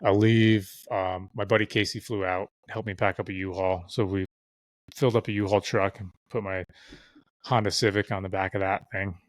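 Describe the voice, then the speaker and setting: Lowish guy rambling thru a story, swears a ton, lots of "like", dry mic. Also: level tone, moderate pace, no echo. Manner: loose and profane, filler-heavy. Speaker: podcast guest. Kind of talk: casual storytelling chat.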